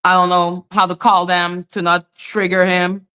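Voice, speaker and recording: A woman hosting a casual livestream, chatting with viewers in an animated way, laughing often and swearing freely. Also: on the low side, measured pace, clear, resonant tone. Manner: animated, laughing, frequent profanity. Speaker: livestream host. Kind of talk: casual livestream chat reading comments.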